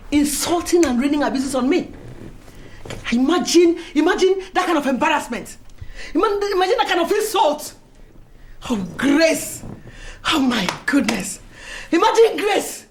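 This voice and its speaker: A very high, swooping voice belonging to a haughty Nigerian club matriarch, shrieking and laughing with scorn. The room is echoey, with music underneath, like a Nollywood film. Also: female voice, expressive, moderate pace, a little hiss or hum. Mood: indignant. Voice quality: shrill, shouting, laughing scornfully. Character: Betty, proud furious club matriarch.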